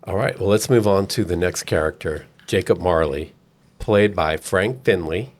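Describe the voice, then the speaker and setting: A man hosting a casual film podcast, reading cast details in a measured way. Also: sits low. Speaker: podcast host.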